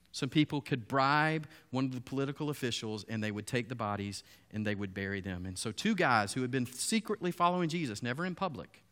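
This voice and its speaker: A man preaching a sermon, retelling the story in a lively, storytelling way and acting out the voices of the people in it. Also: mid-range voice. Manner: storytelling, animated, acts out quoted voices. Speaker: pastor.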